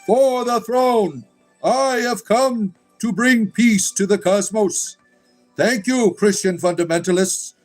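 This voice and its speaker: A man voicing a grandiose demon hand puppet. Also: soft background music. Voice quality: high, drawn-out, pompous. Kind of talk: comic puppet voice on a livestream.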